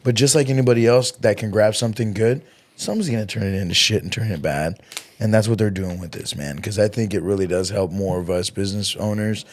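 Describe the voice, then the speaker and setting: A man's voice: on the low side, fairly quick. A man hosting a podcast in a loose, rambling way, swearing casually. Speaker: podcast host. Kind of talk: casual chat.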